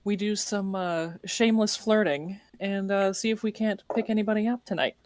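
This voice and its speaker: A woman's voice: mid-range voice, steady tone, normal speed, darkish tone, dry recording. Woman game master, teasing and playful, recorded close and dry. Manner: teasing, laughing often. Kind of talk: running a tabletop game, in and out of character.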